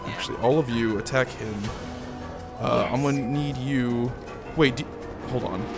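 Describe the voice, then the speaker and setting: A man's voice: medium pitch, steady tone, measured pace, creaky, over music. A young man streaming a game, chatting casually, swearing, laughing and drifting into tangents. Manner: laughing, profane, rambling. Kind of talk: casual gameplay commentary.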